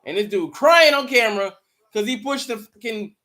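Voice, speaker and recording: A man hosting a live watch party, commenting casually and profanely on the game with excitable outbursts. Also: very high-pitched, normal speed. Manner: profane, excitable, bursts into mocking shouts. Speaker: live stream host.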